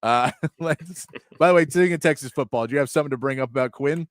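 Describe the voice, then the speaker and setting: A man's voice: a little high, fast talker, no echo, clean studio sound. A man hosting a sports talk show, chatting casually with many asides and frequent laughs.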